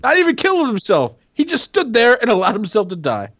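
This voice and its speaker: A man in casual conversation, animated, laughing often and slipping into mimicry. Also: extremely high pitch, fairly quick, no room sound. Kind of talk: casual chat.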